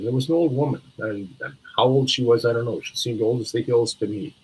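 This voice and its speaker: Husky older man telling stories haltingly. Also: mid-range voice, rough recording. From Minneapolis, USA. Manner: halting, searching for words with frequent restarts. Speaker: interview guest. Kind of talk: reflective storytelling.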